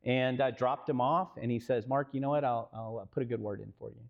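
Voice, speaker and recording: A gravelly, medium-pitched male voice moves briskly over tinny, narrow audio. The speaker, a Texan-accented real estate co-founder, tells a business story on stage, animatedly acting out dialogue and engaging the crowd with questions.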